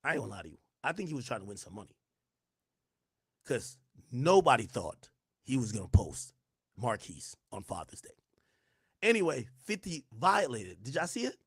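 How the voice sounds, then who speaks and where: A man hosting a livestream, talking casually to chat in slangy speech, hoarse and losing his voice. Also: mid-range voice, sing-song, moderate pace, pauses often, no echo, clean studio sound. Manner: slangy, loose, switches to whispering. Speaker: livestream host.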